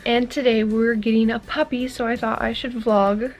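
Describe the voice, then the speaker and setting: A woman's voice: a little high, flat delivery, normal speed, soft background music. A young woman talking casually to her camera in a rambling vlog, a little out of breath. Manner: chatty, rambling with fillers. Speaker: vlogger.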